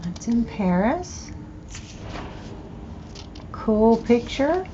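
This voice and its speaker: A woman's voice: a little high, very animated, very slow, dark tone, dull audio, slight background noise. An older woman with a Southern US accent, hosting a casual thrift-haul video and chatting with delighted exclamations over her finds. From American South. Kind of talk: casual show-and-tell.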